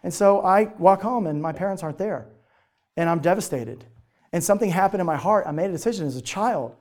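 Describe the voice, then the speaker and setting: Brief: middle-aged male motivational speaker, slightly high voice, animated storyteller who acts out other voices. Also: a little fast. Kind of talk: personal storytelling to a live audience.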